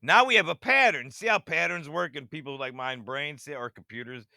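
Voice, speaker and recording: A man rambling excitedly through screen-share commentary and talking straight to his viewers, who keeps asking if they see how it works. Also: fairly high pitch, brisk, creaky, no echo, studio quality. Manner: talks to viewers directly, half-mocking. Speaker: radar-watching channel host.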